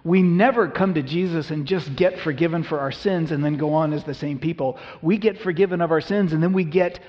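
A man's voice: on the high side, a little fast. A male pastor preaching a conversational sermon, acting out biblical dialogue with humor. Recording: reverberant hall, dull lo-fi sound.

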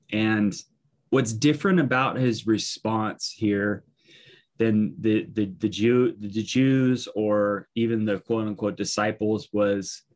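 A man giving a conversational Bible teaching, reading verses and explaining them informally with many fillers and restarts. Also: fairly low pitch. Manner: informal, thinking aloud, frequent fillers and restarts.

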